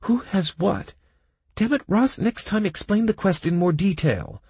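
A man's voice: high voice, animated, a little slow, darkish tone, husky, dry recording, voice pushed up, full character voice. A man voicing a commanding young woman who leads a fantasy party, in an audiobook. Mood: scheming.

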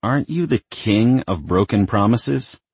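A man's voice: on the low side, animated, a little slow, a little mellow, breathy edge, dry recording, pitched above the performer's own voice, heavily acted. A man voicing a defiant, sarcastic young man who is the devil's son.

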